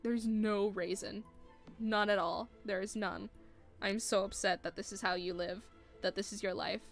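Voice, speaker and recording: A woman's voice: mid-range voice, a bit bright. A woman streaming a building game, scolding the furniture in exasperation and laughing often between complaints. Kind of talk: live gameplay commentary.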